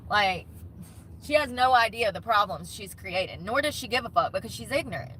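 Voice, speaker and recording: A woman's voice: medium pitch, expressive, normal speed, sharp tone, slight background noise. A young woman vlogging about van life, telling an indignant, profane story in short bursts. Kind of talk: ranting vlog storytime.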